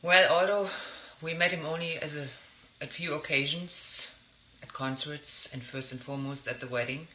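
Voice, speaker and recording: Bright man reading condolences. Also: fairly high pitch, steady tone, moderate pace. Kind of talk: condolence message. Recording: echoey room, faint noise.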